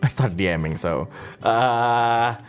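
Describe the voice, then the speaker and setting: Playful young man. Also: slow. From Indonesia. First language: Indonesian. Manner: playful, teasing, often jumps into a high excited voice. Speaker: streamer answering viewer questions. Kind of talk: casual chat. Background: faint guitar music.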